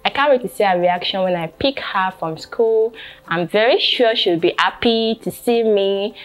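A young woman with a Nigerian accent talks to her camera in an easygoing home vlog. Her pitch sits in a middle range for a woman, and she keeps circling back to the same points with plenty of "you know". Faint music plays softly behind her voice. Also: moderate pace. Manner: chatty, repeats herself, many fillers like "you know". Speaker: vlogger and photographer. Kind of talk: casual vlog talk to camera.

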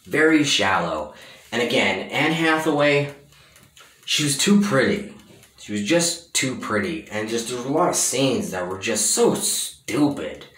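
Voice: mid-range voice, a little slow. Exasperated movie reviewer ranting away, voice jumps all over, echoey bathroom sound. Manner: exasperated, animated, swears freely. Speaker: film reviewer. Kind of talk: casual ranting film review.

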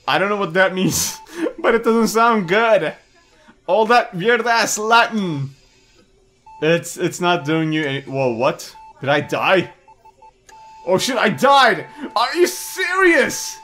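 Goofy, lively young gamer guy. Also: a little high. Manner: goofy, jokey, swears and laughs a lot. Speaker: gaming video host. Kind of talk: let's play commentary.

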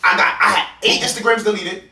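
A man's voice: high-pitched, steady tone, quick pace, pushed and bright. Heated, rambling young man from the Bronx. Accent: New York. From the Bronx, New York. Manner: heated, rambling, profane, repeats himself. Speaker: YouTube prankster. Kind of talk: heated argument with ex-partner. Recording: roomy sound from a distant hidden camera.

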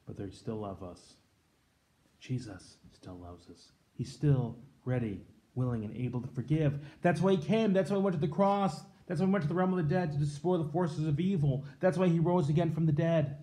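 A fairly high-pitched man in his thirties gives a daily devotion as a pastor. His tone is mellow and warm, and he reads scripture before telling personal stories earnestly. He often drops to a soft, hushed delivery on the tender parts. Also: fairly even intonation, moderate pace. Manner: earnest, reflective storytelling that drops soft and quiet on tender points. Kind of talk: scripture reading and devotional sermon.

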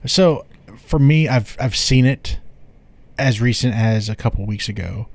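A man's voice: mid-range voice, a little slow, a little mellow, no echo. A man co-hosting a podcast who leads the talk and gives blunt opinions. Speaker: podcast co-host. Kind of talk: casual podcast chat.

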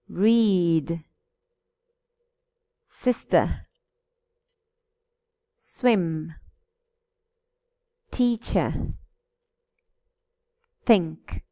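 Slow, patient woman teaching pronunciation. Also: fairly low pitch, dark tone, no room sound, studio quality. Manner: over-articulated model words, patient repetition. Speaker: English teacher. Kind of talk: slow, careful pronunciation lesson.

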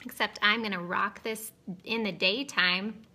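A woman's voice: mid-range voice, steady tone, measured pace, pushed and bright, a little hiss or hum. A woman in her thirties chatting casually on a live stream, giggly and rambling off on tangents. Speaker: cosmetics seller streaming live. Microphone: webcam or phone on camera.

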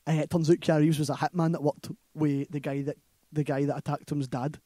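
A man's voice: a little high, level tone, fairly quick, warm tone, dry recording. Scottish man rambling through a film plot. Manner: rambling, laughing retelling full of "like" and "right?". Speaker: podcast co-host. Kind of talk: casual movie chat.

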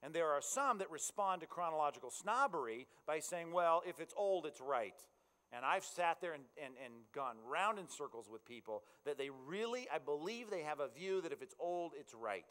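A male pastor preaching in an easy, conversational style, often asking his listeners if they follow. His voice sits a touch high and carries a long reverb, as in a big hall. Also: sing-song, brisk, hardly any pauses, pushed and bright. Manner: conversational, checks in with the audience. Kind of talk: sermon.

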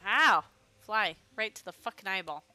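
A woman's voice: medium pitch, lively intonation, normal speed, bright, forceful tone, no echo. A young adult woman streaming a game, chatting casually, talking to her pet and swearing now and then. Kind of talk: casual gameplay chat.

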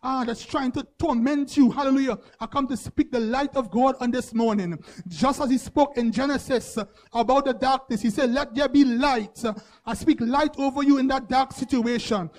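A male preacher, delivering a sermon in repeated, rhythmic phrases that build to shouts. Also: very high-pitched, normal speed. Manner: rhythmic repetition, rising to shouts.

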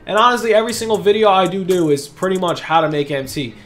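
A young man giving casual, hyped commentary over his gameplay, talking quickly and often repeating himself, a bit out of breath. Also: high voice, lively intonation, a bit bright, faint music behind. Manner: fast, hyped, repeats words while talking. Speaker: gaming YouTuber.

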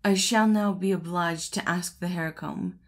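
A woman voicing a vain, boastful male shirt collar in a storybook, speaking with pompous, gushing flattery. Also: on the low side, measured pace, natural voice.

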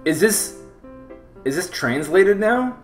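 Streaming a game live, a man speaks slowly in a high, animated voice, reading the on-screen text and joking about it while addressing his chat. The room echoes noticeably, and game music plays faintly in the background.

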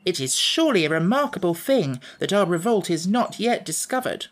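A man's voice: sits high, very animated, moderate pace, voice pushed up. A man voicing a bold, scornful girl general. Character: bold scornful young female rebel general.

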